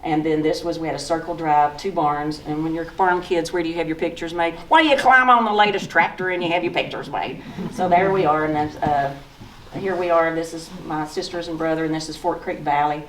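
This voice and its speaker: A woman's voice: sits low, fairly even intonation, brisk, slight background noise. A woman in her sixties from East Tennessee with a Southern accent, telling folksy stories as she walks through old photos in a museum talk. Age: 60s. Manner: folksy, storytelling, pointing at photos. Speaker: author giving a talk. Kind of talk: slideshow talk with personal memories. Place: museum lecture room. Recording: echoey room from far off.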